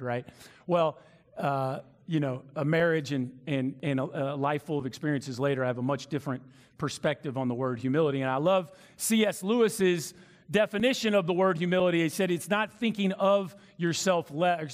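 A man's voice: on the high side, fairly quick. A man in his forties giving a casual, storytelling sermon to a live audience, with plenty of fillers and asides to the crowd. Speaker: preacher. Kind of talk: conversational sermon. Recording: long reverb of a large hall.

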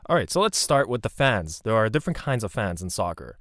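A man's voice: fairly low pitch, big pitch swings, fairly quick, fairly bright tone, no echo, clean studio sound. A man from Canada giving a rambling, conversational monologue with frequent asides and restarts. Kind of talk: casual monologue.

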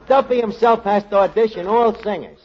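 An actor playing a brash, scheming male bartender in a 1940s radio comedy, talking fast and wisecracking. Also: high voice, slight background noise, close to an everyday voice. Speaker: show's lead character. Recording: dull old radio broadcast before an audience.

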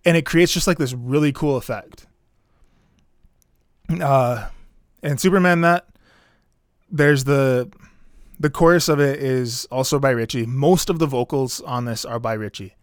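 On a casual podcast, a male co-host walks through an album track by track, rambling comfortably and filling gaps with lots of "like." He speaks unhurriedly in a clear, resonant, medium-pitched voice, pausing often, and the recording is dry and studio-clean.

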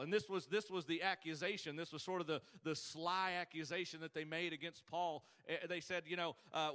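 A preacher with a bright, forceful voice pitched a little high. He tells jokes in a folksy way, shouting his main points and dropping low for asides. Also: fairly even intonation, a little fast, few pauses. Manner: folksy, joking, shifts between shouting and hushed asides. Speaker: pastor. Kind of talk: sermon.

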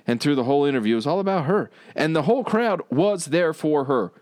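A man's voice: fairly high pitch, animated, quick pace, a little mellow, no room sound. Man, easygoing podcast host, dry close sound. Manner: laid-back, laughs often, swears casually. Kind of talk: crude casual banter.

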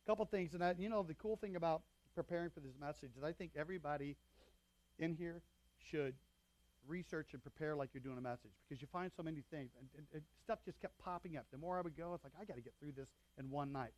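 A man's voice: on the high side, fast, a little mellow. A man preaching as pastor, reading scripture aloud and chatting with his congregation between passages. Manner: conversational, checks in with the congregation.

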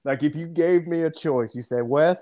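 Lively male podcast host, swears freely and laughs through his bits, slightly high voice, dull lo-fi recording. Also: normal speed. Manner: profane, laughing, animated storytelling. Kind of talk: casual sports banter.

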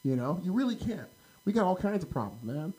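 A man's voice: high voice, brisk, poor audio. An American man telling a rambling story in casual podcast chat, full of "like" and "right?" fillers. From United States. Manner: animated anecdote-telling, heavy "like" and "right?" fillers.

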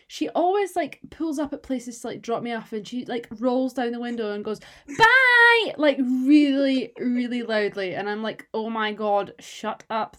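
Chatty young British woman, higher voice. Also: a little mellow. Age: young adult. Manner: chatty, many "like" fillers, swears casually. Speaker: podcast co-host. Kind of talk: casual chat.

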